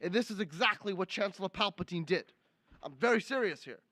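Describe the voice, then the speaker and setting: A young student livestream presenter does a comic political impression of an indignant older male senator with a Brooklyn accent, ranting, finger-wagging and repeating his outrage lines. The heavily acted voice is high and sharp, brisk with lively intonation. There is no echo.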